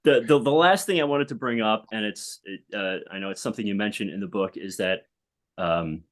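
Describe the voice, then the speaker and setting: Low-voiced man asking hesitant questions. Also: a little fast. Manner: hesitant, searching questions with restarts. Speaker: podcast host. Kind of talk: conversational interview.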